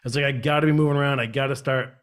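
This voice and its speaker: A man's voice: mid-range voice, fairly even intonation, racing. A man hosting a live stream, chatting casually and rambling with lots of fillers. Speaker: host of a live channel.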